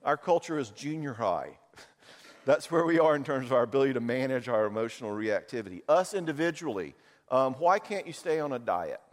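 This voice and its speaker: A middle-aged man preaching a sermon, animated and jokey, acting out little voices. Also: medium pitch, fairly quick. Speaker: pastor. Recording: long hall reverb.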